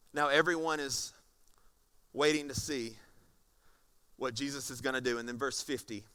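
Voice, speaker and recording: A man preaching a sermon as pastor, animated and often repeating words. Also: mid-range voice, smooth.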